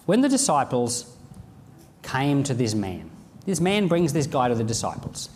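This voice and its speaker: A man's voice: measured pace, a little hiss or hum. Preaching man in a reverberant hall. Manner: animated, voices scripture and imagined speakers with rising pitch. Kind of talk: sermon.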